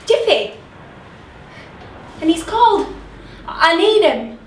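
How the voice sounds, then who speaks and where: A woman's voice: very high-pitched, sing-song, background noise, exaggerated voice. A woman playing a lonely grown woman, a drunk, who keeps repeating herself in a stage monologue. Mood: bitter. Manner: halting, repeats her words. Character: lonely grown woman, a drunk, waiting for her late dad. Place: theatre stage. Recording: roomy theatre heard from a distance.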